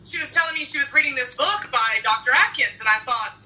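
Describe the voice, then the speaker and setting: A woman's voice: high-pitched, fast talker, pushed and bright, far from the mic, low-quality recording. A woman guest telling a story in a chatty, easygoing way. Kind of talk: casual chat.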